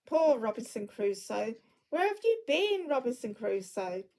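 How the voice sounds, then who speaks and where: A woman voicing an elderly miserly man, excitable and near tears, exclaiming between laughing and crying. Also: a little high, measured pace, rough recording. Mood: delighted. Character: elderly man, miserly yet giddy and tearful.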